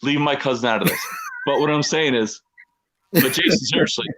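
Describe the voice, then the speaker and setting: Man from Philadelphia, co-host, casual chat, joking, bright voice. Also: mid-range voice, animated, brisk. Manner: chatty, joking, tells stories in a rush. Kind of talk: casual chat on a live web show.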